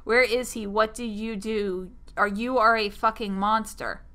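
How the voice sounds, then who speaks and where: Woman reading as a scared young girl fighting back, pleading, bright voice. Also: mid-range voice, steady tone, unhurried. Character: frightened, angry young woman victim.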